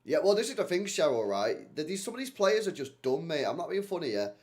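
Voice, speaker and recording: A man's voice: on the high side, big pitch swings, quick pace, breathy edge. A man running a live football reaction stream, blunt and slangy, swearing freely as he reacts to the play.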